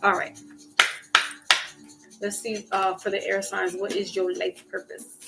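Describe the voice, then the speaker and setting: Woman tarot reader, gravelly voice, slow unhurried talk, chatty, music behind. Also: mid-range voice, level tone, poor audio. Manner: chatty, talks to viewers and chat by name. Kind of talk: casual intuitive reading.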